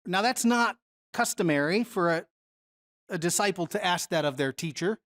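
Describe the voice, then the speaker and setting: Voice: mid-range voice, animated, normal speed, a bit bright. A Bible teacher giving a conversational Bible study lesson, often putting questions to the audience.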